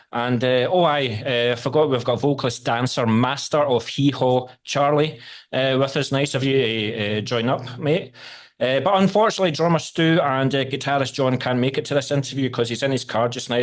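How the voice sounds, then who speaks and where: Scottish man, radio-host interviewer, cheeky and teasing, swears casually. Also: mid-range voice. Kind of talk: casual video call interview.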